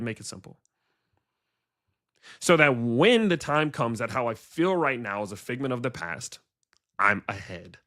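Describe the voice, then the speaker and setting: A man's voice: mid-range voice, a bit bright. Blunt, swearing male crypto streamer. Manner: blunt and profane, with rhetorical questions to viewers. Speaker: crypto livestream host. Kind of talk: casual livestream rant.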